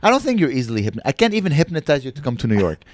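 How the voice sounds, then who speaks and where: A man's voice: medium pitch, sing-song, very fast, no echo. A man co-hosting a comedy podcast in casual banter, teasing and crude with mock anger. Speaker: podcast co-host.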